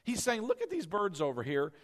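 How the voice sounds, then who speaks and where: A man pastor preaching a sermon, animated and leading the congregation to repeat lines after him. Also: high voice, a little fast.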